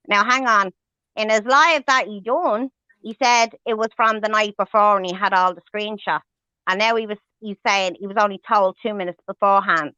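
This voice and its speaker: A livestream host vents furiously, cursing with strong emphasis, her medium-pitched voice steady, pushed, bright, clear, and resonant at a moderate pace. There's no room sound, though the stream audio is dull and lo-fi.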